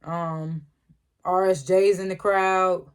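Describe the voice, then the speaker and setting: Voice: medium pitch, level tone, takes it slowly, clear, resonant tone. Casual, laughing TV recap chatter. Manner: chatty slangy retelling, laughs often. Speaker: TV show reviewer.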